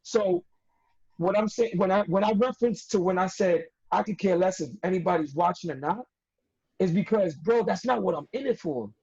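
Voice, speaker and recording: A man's voice: high voice, moderate pace, darkish tone, husky. A young man, a wrestler talking as a podcast guest in a streetwise, emphatic way, repeating himself for effect. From New York. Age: young adult. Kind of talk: casual podcast interview. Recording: dull lo-fi audio.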